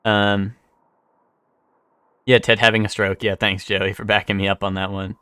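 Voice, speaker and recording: A man's voice: fairly low pitch, flat delivery, moderate pace, pushed and bright, smooth, no room sound. A man streaming live, chatting casually with chat, rambling with many fillers and restarts and swearing freely.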